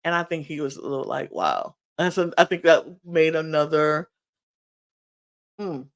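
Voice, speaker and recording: A man's voice: a little high, steady tone, moderate pace. A male podcast host chatting casually as he recaps a reality show and quotes what people said. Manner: chatty retelling full of quoted dialogue.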